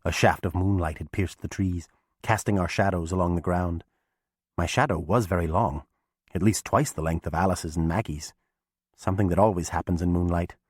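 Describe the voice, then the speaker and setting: A man narrating a fantasy audiobook in first person, steady and measured. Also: sits low, husky, no echo, studio quality.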